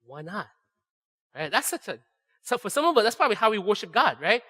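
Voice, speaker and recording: A man preaching a sermon in a casual, conversational way, often checking in with "right?" and acting out voices in a lower tone. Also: big pitch swings, brisk, bright, forceful tone, big-room sound. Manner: acts out voices of God and his wife in a lowered voice. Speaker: pastor. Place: church sanctuary.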